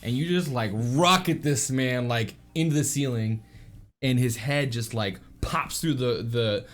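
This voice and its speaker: A man's voice: medium pitch, measured pace. A man narrating as game master of a tabletop game, rambling with lots of fillers. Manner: rambling, filler-heavy and giggly.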